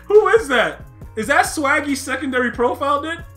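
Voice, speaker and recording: A man streaming a football video game, laughing a lot and yelling at the plays, with slangy, excitable chatter. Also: extremely high pitch, normal speed, soft background music. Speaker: gaming streamer. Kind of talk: live game commentary.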